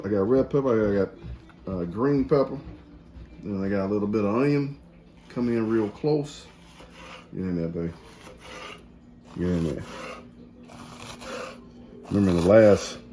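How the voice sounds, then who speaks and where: Relaxed, mellow-voiced man hosting a cooking show. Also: on the low side, moderate pace, pauses often, slight background noise. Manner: folksy, chatty, addresses viewers as y'all. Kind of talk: casual cooking demonstration. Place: kitchen.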